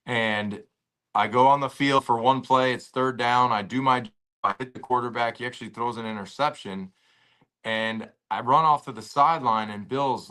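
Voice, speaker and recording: A man, a former pro football player, telling stories in a casual podcast interview, animated and loose with slangy talk, at home. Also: medium pitch, normal speed. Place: at home with a dog nearby.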